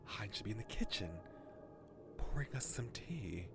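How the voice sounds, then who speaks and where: A man doing a quiet, calm male houseguest. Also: fairly low pitch, normal speed, vocal fry, in a whisper, pitched below the performer's own voice.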